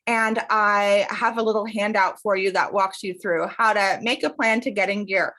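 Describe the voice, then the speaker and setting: A woman who works as an academic coach, talking casually to camera as the host of her show. She talks expressively, with wide swings in pitch and frequent laughter. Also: fairly even intonation, normal speed, few pauses, bright, forceful tone.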